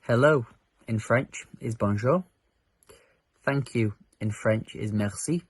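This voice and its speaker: Slow husky man reading phrases. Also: mid-range voice, steady tone, dry recording.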